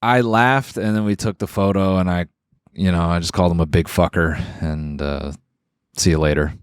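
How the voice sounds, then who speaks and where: A man's voice: low-pitched, fairly even intonation, moderate pace, clean tone, no room sound, studio quality. A man co-hosting a comedy podcast, chatting in a laid-back, profane way. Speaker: podcast co-host. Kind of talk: casual comedic chat.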